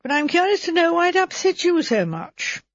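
Brief: a woman putting on a measured older doctor, gently wry, dry close sound. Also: very high-pitched, big pitch swings, no room sound, lo-fi sound, voice pushed up, exaggerated voice. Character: calm, wry older male village doctor.

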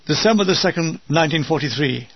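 Casting: older British narrator, wry and dry, high husky voice, dull dry lo-fi recording. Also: male voice, lively intonation, fast, dry recording. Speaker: memoir narrator. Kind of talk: reading a war memoir.

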